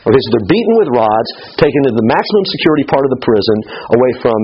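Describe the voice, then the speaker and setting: A man's voice: mid-range voice, big pitch swings, racing, breathy edge. A middle-aged man teaching a Bible study lesson in a conversational way, often checking in with his listeners, in a slightly muffled recording.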